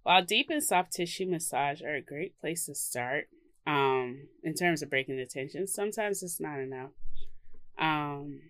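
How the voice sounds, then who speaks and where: A woman's voice: low voice, animated, moderate pace, fairly bright tone, no echo. A woman co-hosting a podcast in casual chat, laughing often and filling her speech with ums and likes. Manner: chatty, laughs often, many fillers. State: hiccups. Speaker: podcast co-host.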